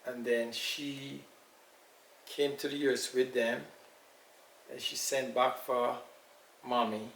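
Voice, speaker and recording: An older man with a Jamaican accent, recalling his family's past in an unhurried, storytelling way during an interview. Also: medium pitch, little pitch movement, fairly bright tone. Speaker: elder being interviewed. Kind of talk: casual recollection. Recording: echoey room, far from mic, faint noise.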